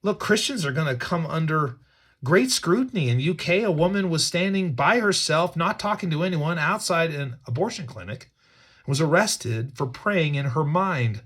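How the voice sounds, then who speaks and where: A man's voice: on the high side, lively intonation, normal speed, a bit bright, husky. A man reading scripture with commentary, earnest and emphatic, often repeating words as he thinks aloud. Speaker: Bible teacher.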